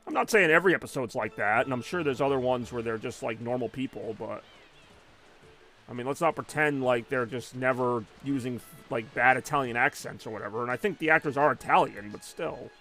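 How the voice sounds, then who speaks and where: A man's voice: mid-range voice, fairly quick, a bit bright, faint music behind. A young man chatting casually and rambling while he plays a video game on a live stream. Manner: rambling, conversational, many fillers.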